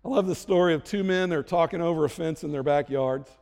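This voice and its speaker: A man's voice: a little high, fast talker, creaky, a little mellow, big-room sound. A middle-aged man preaching a sermon as a pastor, conversational and self-deprecating with jokes.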